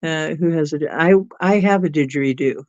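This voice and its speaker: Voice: medium pitch, a little fast, no room sound, lo-fi sound. A livestream host chatting casually with viewers, giggly and laughing often. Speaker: livestream host reading chat.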